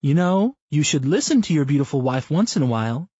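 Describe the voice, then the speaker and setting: A man voicing a playful adult wife who teases her husband in a raised, lively voice, in a slightly muffled recording. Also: on the high side, fairly quick, husky, dry recording, pitched above the performer's own voice. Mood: teasing. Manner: teasing, lively.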